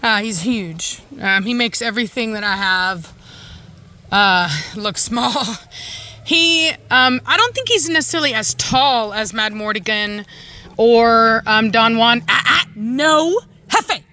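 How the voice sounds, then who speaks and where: A woman's voice: on the high side, unhurried, sharp tone. A woman hosting her own dog-breeding vlog outdoors, chatting casually with lots of fillers and restarts and calling commands to her dog. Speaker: dog breeder and channel host. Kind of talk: casual vlog talk to camera. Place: outdoors in a yard.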